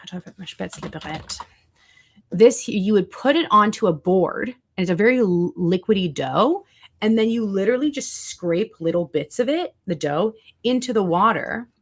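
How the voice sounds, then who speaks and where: A woman hosts a casual livestream, chatting with viewers, reacting to chat and searching foods online as she talks. Her medium-pitched voice is expressive and measured in pace.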